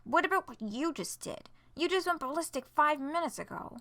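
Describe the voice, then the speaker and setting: Lady doing a defiant hotheaded teen girl, loud and high, music in the background. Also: lively intonation, normal speed. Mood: indignant. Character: defiant hot-tempered teenage girl.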